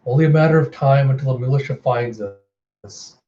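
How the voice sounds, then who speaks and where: A tough, weary woman starship captain gives dry, laconic answers in a comic readthrough, as a man reads her in near his own voice. The tone is dark and mellow. The recording is slightly muffled, with a faint fan hum. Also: medium pitch, moderate pace, close to an everyday voice.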